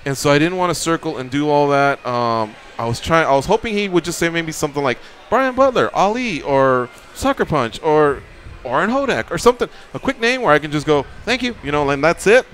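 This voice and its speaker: A man's voice: a little high, brisk, a little hiss or hum. Rambling man telling a studio story. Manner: animated, rambling, swearing, acts out quotes. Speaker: radio show co-host. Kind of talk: casual storytelling chat. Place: radio studio.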